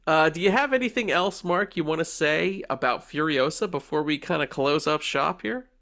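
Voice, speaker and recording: A man's voice: a little high, expressive, pushed and bright. A man co-hosting a casual movie review podcast, sniffly from allergies, joking and swearing as he talks. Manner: jokey, swearing, quick to laugh. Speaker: podcast co-host.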